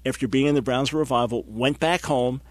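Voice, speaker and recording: A man's voice: mid-range voice, quick pace, no room sound. A man hosting a Christian talk show, speaking emphatically and using repeated phrases like a preacher. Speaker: host.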